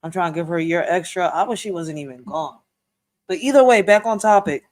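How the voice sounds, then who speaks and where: A woman's voice: fairly low pitch, fairly quick. A woman hosting a reaction video, chatting in a slangy, casual way straight to her viewers.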